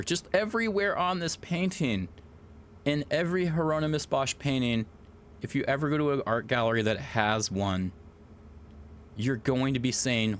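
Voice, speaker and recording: A man in the middle of a casual live stream, talking in a loose, rambling way. He is excitable and swears freely. Behind him is a faint hum of room ambience. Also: mid-range voice, normal speed.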